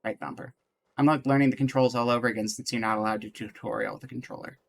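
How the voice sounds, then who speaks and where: A man's voice: mid-range voice, steady tone, fast talker, creaky, slight background noise. A man casually chatting to his viewers while he plays a game and reads its text aloud. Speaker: streamer. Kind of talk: casual live game commentary.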